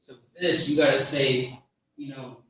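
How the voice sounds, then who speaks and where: A man teaching a religious class, coaching pronunciation with patient repetition and drawn-out sounds. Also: mid-range voice, level tone, a bit bright, slight background noise. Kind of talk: pronunciation lesson. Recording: very echoey room, mic far off.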